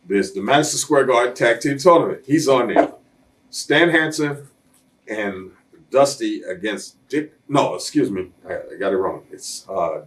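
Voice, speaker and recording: Blunt streetwise man telling wrestling stories. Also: medium pitch. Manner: blunt, streetwise storyteller who acts out quoted voices. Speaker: interview guest. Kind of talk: shoot interview storytelling.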